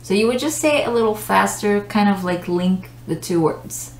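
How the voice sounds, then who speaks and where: A woman's voice: medium pitch, animated, normal speed, a little hiss or hum. A woman teaching an English pronunciation lesson, explaining patiently with examples. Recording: echoey room.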